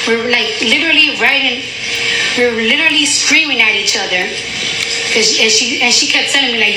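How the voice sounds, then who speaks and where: A woman testifying as a witness, recounting an argument in an animated way, repeating herself and saying "like" a lot. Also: on the high side, a little fast. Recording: echoey courtroom audio with heavy noise.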